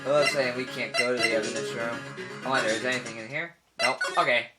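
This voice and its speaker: A woman casually commenting on a video game she is playing, rambling and amused, speaking low and loose. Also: fairly even intonation, quick pace, low-quality recording. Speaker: let's play host. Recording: game music underneath. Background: game music.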